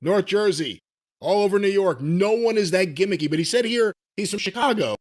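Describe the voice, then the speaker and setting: Lively high-voiced man needling his co-host. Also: a little fast. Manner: lively, needling, playfully challenging. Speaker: podcast co-host. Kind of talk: casual podcast chat.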